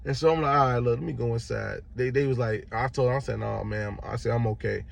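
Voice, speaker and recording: A man's voice: medium pitch, quick pace, gravelly. A young man from Chicago casually telling a story to his viewers, acting out the people in it. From Chicago, Illinois. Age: young adult. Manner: animated retelling, acts out other voices. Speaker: vlogger.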